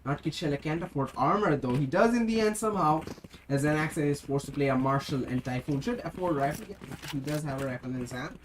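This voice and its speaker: An esports caster rattles off play-by-play calls at a brisk clip. The voice leaps up on big plays and falls to a low, offhand tone for asides and self-corrections. A faint background noise sits under the commentary. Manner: rapid game calls with excited rises on kills; drops to a low aside when correcting himself.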